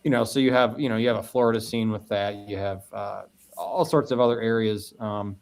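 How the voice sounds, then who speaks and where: Speaking briskly in a lowish voice, a guest meadery owner from Northwest Indiana chats casually on a podcast. He rambles as he goes, frequently repeating himself and beginning his thoughts again.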